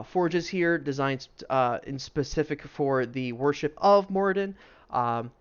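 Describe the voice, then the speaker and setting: A man voicing a put-upon young male temple receptionist who talks in a deadpan, rambling way. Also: medium pitch, smooth, lo-fi sound, natural voice.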